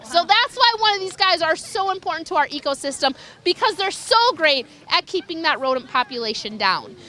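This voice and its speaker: A woman's voice: extremely high pitch, animated, brisk, bright, forceful tone. A young woman giving an enthusiastic wildlife lecture to an audience, sometimes imitating animal calls. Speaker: raptor educator. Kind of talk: public lecture.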